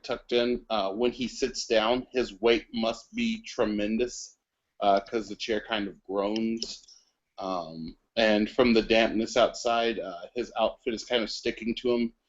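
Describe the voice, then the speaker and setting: A man playing a tabletop role-playing game, describing his character's actions in a plain, matter-of-fact way with fillers. He talks slowly in a lowish voice. The recording is muffled and lo-fi. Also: a bit bright. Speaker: player.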